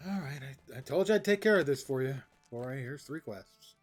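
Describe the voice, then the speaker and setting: A man's voice: mid-range voice, expressive, brisk, soft background music. Musing middle-aged man streaming a game. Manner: musing, rambling, wry, sighing. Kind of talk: casual gameplay commentary, thinking aloud.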